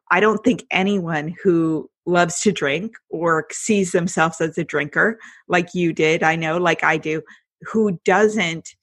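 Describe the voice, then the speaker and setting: A woman hosts a podcast interview in a chatty, enthusiastic manner. Her voice sits on the lower side. The recording is close and dry. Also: fairly bright tone, no room sound. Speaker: podcast host.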